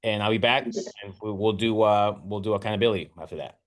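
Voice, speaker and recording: Lower-voiced man rambling through a story. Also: fairly quick. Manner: rambling storytelling with many restarts. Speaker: host. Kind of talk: casual talk.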